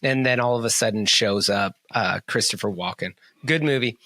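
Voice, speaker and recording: A man's voice: fairly low pitch, normal speed, bright, forceful tone, no echo. A man co-hosting a podcast in casual chat, rambling enthusiastically with many restarts. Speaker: podcast co-host.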